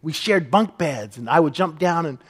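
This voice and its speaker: A man's voice: fairly high pitch, expressive, normal speed, slightly rough, long reverb tail. A man preaching a sermon as pastor, earnest, and often acting out the people he quotes.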